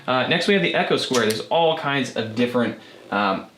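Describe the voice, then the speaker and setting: A man hosting his own music gear channel, walking through a guitar pedal demo in a relaxed, chatty way with some fillers. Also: mid-range voice, moderate pace, reverberant. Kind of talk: casual gear demo walkthrough. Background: guitar effects playing between lines.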